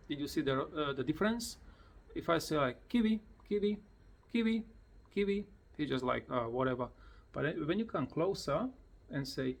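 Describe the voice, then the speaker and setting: A man casually explaining how he teaches his parrot to talk, in plain, slightly broken English, often repeating words in a high, sing-song voice, recorded at home beside the bird. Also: lively intonation, vocal fry, fairly bright tone. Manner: slow, plain explanations with simple non-native grammar. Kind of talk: casual tutorial vlog.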